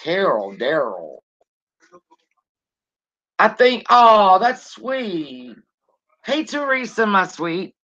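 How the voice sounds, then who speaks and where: Slow, chatty middle-aged woman livestreaming. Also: medium pitch, very animated, a bit bright. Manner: chatty, greets viewers by name. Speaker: livestream host. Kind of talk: casual live chat. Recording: dull lo-fi stream audio.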